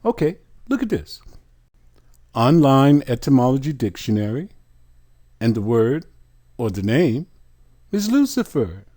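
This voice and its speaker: Male bible teacher, unhurried and deliberate, dark mellow tone, reads definitions aloud. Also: mid-range voice, sing-song. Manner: addresses listeners as brothers and sisters. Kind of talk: slow scripture study teaching.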